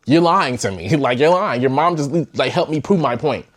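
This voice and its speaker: A man's voice: mid-range voice, lively intonation, moderate pace, slight background noise. Young male podcast host, mid-range voice, candid rambling storyteller who swears freely. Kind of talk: casual storytime.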